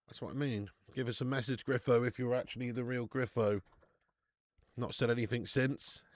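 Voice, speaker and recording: A man's voice: mid-range voice, no room sound, studio quality. A man hosting a live football watch-along, chatting in slangy, jokey banter with frequent laughs. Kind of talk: live stream commentary and chat.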